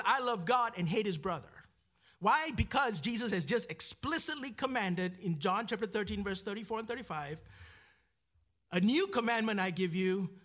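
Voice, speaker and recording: A man's voice: high-pitched, a bit bright. A man preaching a sermon, often asking his listeners "right?" and repeating words as he searches for the next phrase.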